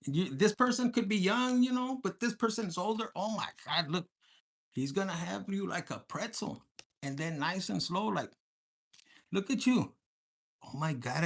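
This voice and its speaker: A tarot reader giving a casual collective reading, blunt and profane, animated, slipping Spanish words into the talk. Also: mid-range voice, creaky.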